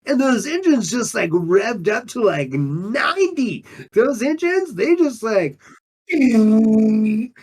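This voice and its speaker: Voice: mid-range voice, big pitch swings, takes it slowly, a little mellow, breathy edge, heavily acted. A performer playing a laid-back undine monk who talks in drawling surfer slang, in an improvised in-character interview. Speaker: player character.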